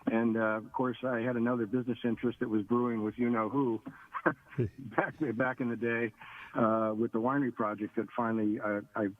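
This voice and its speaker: An older man, a guest in a radio interview, telling his story in a plain, steady way. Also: mid-range voice, fairly quick, phone-quality sound.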